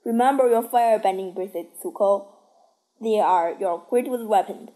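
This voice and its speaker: A calm old cartoon uncle gives patient advice to his nephew, as a woman reads the part. The delivery is gentle and measured, at a middle pitch. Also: close to an everyday voice, low-quality recording. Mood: advising.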